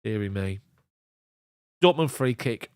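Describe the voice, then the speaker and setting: A man's voice: fairly low pitch, animated, slow, clean tone, no echo, clean studio sound. A man doing live ball-by-ball match commentary as a fan streamer, giving clipped play calls broken up by chatty asides.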